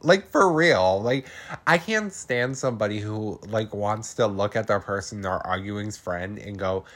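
A man's voice: fairly low pitch, a little slow, fairly bright tone. A man hosting a podcast, recapping a horror film in casual chat, laughing often, swearing freely and throwing in dramatic asides.

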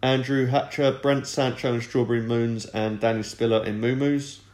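A man's voice: medium pitch, steady tone, moderate pace, darkish tone. A man co-hosting a podcast, reading out listener comments and trading dry jokes in casual chat. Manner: reads listener comments, dry jokey banter. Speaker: podcast co-host. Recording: roomy echo.

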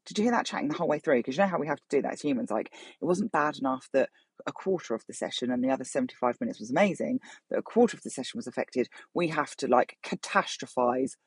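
A middle-aged woman hosts her own show and rambles through a personal story, swearing freely and chatty throughout. Her voice has a husky, breathy edge. The sound is close and dry. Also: a bass voice, lively intonation, fast talker, darkish tone, no room sound. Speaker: podcast host. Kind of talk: casual storytelling monologue.

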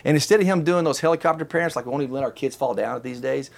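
Fast-talking middle-aged man telling a story. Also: mid-range voice, vocal fry. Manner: animated, chatty, laughs often. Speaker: podcast host telling a story. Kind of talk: casual storytelling chat.

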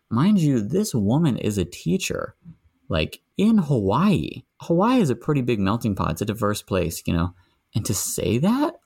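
A man, a podcast guest, telling a story in casual chat and getting heated and animated as he goes. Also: gravelly. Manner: animated storytelling, rising pitch when indignant.

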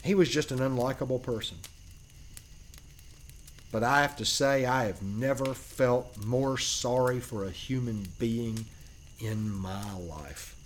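A man narrating a first-person paranormal story as a podcast host, earnest and emphatic with dramatic pauses. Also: mid-range voice, slight background noise.

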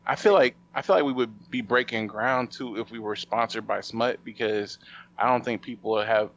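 A man chats loosely on a podcast, circling back and restarting his thoughts. His voice has a gravelly rasp. The recording sounds slightly muffled. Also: medium pitch, moderate pace, a bit bright. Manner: rambling, with many fillers and restarts. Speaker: podcast host. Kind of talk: casual podcast banter.

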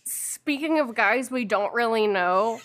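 A woman's voice: on the high side, expressive, measured pace, a bit bright. Exasperated young woman, casual chat. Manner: exasperated, swears, laughs.

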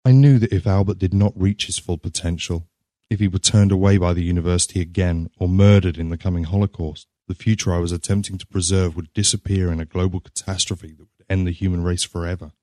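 A man reading a story aloud in a measured, grave narrating manner. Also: low-pitched, steady tone, warm tone, dry recording, studio quality.

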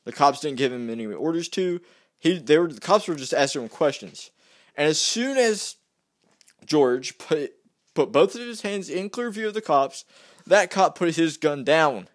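Ranting vlogger: a man with a high, swooping voice, exasperated and repetitive. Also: expressive, moderate pace. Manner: exasperated, repeats himself, stumbles and restarts. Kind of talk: heated ranting monologue.

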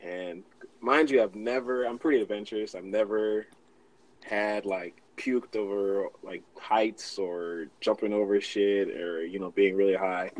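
A man telling a story in casual chat, animated and often laughing, acting out his own quotes. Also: lowish voice, low-quality recording.

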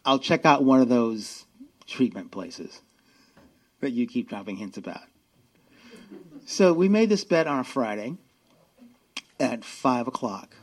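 A man's voice: mid-range voice, darkish tone, slightly rough. Middle-aged guy telling his story at a meeting, wry, pokes fun at himself, does all the voices back and forth. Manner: wry, self-mocking storytelling, acts out both sides of dialogues. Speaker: AA meeting speaker. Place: meeting room.

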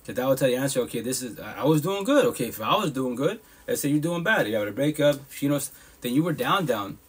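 A man with a husky voice talks at a quick clip. He hosts a live podcast and gives casual, heartfelt advice, blunt and profane, repeating himself for emphasis. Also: mid-range voice, lively intonation.

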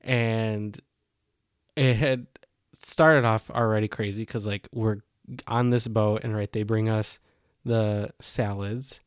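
A man's voice: on the low side, takes it slowly, clean tone, no room sound, studio quality. Man telling a story, acting out quotes. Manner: animated storytelling, acts out quotes. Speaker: podcast co-host. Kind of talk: casual chat.

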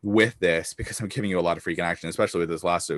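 A man's voice: deep voice, rapid-fire, no room sound. Pumped-up podcast guy coaching biz, swears a lot, dry close sound. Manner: energetic, emphatic, swears casually, acts out hyped voices. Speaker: podcast host and business coach. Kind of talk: motivational podcast monologue.

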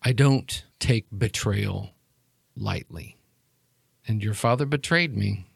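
A man voicing a cold, menacing male crime boss in a tabletop game, speaking in slow, quiet, measured threats. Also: lowish voice, vocal fry, husky, no echo, clean studio sound, heavily acted.

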